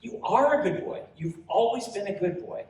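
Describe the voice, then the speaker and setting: A man voicing a tired, loving working mother who scolds softly, read aloud at a convention panel. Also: sits high, animated, moderate pace, recorded from a distance, slight background noise, voice pushed up. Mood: tender. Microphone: audience recorder in front row. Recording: roomy hall recorded from audience.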